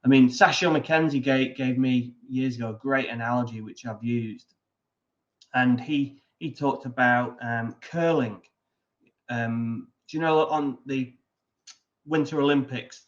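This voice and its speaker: A man coaching putting explains his ideas in a measured way, pausing on "um" and restarting his sentences. His voice is mid-pitched. The recording sounds a little dull and muffled. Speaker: putting coach, interview guest. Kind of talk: explanatory interview answer.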